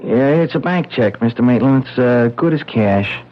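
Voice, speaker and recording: A man's voice: mid-range voice, lively intonation, natural voice. An actor in his twenties playing an eager, hesitant young man in a radio drama, stammering and earnest. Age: 20s. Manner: stammering, earnest, halting restarts. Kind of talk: 1970s radio drama acting. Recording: dull lo-fi old radio recording.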